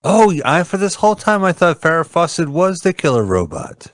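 A man co-hosting an internet radio show, cracking quick jokes while chatting about a movie. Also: a little high, big pitch swings. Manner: joking, quick wisecracks. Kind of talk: casual movie-riffing chat.

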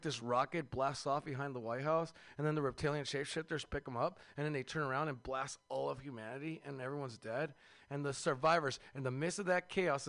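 A man's voice: a little high, gravelly. A man in his thirties from the Seattle area doing a crude, rambling stand-up comedy set. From Seattle area, USA. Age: 30s. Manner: crude, rambling, profane jokes with "man" and "you know".

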